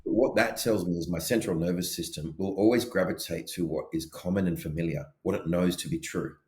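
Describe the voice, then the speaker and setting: A man co-hosting a podcast in casual chat, animated as he acts out his inner voices. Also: sits low, a little fast, reverberant. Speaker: podcast co-host.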